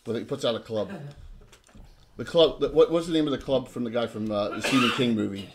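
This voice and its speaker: A man's voice: medium pitch, fairly quick, slight background noise. A man narrating as game master of a tabletop game, loose and joking, with frequent restarts.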